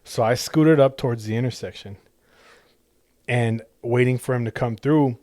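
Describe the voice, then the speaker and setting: A man co-hosting a casual podcast, swearing freely and stumbling through restarts as he tells a story. His voice sits at an ordinary middle pitch. The sound is dry and close, with no room around it. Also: normal speed, dry recording. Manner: profane storytelling with many restarts; acts out shouted road-rage quotes. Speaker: podcast co-host. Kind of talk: casual chat.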